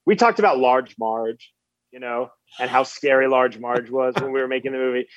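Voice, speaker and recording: A man being interviewed about his film, speaking in a halting way with many restarts. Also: mid-range voice, no echo, highs cut off. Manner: halting, repeats words while thinking. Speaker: film director guest. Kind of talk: casual interview chat.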